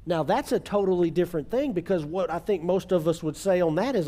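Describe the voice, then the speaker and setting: A pastor with a fairly high male voice delivering a sermon in church. He preaches earnestly, drawing out key words and asking the congregation to repeat after him. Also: brisk, few pauses, warm tone.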